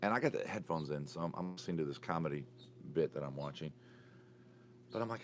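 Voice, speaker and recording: A man's voice: rumbling low, expressive, fast talker, slight background noise. A man hosting his own podcast, telling a casual story in a chatty, rambling way and often correcting himself mid-sentence. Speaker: podcast host.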